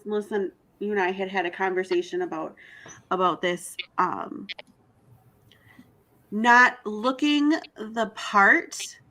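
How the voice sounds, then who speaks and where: A woman's voice: mid-range voice, bright, forceful tone, low-quality recording. A woman in a casual panel discussion, earnestly telling personal stories with frequent restarts.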